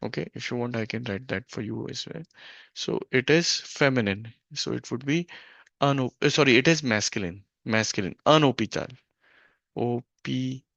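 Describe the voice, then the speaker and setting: A man teaching a French grammar lesson from a worksheet, slow and stop-start, often correcting himself, on a dull lo-fi recording. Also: medium pitch, creaky, fairly bright tone, no echo.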